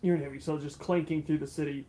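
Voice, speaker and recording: A man running a tabletop game as game master, narrating in a relaxed way and laughing often. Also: a little high, fast talker, low-quality recording.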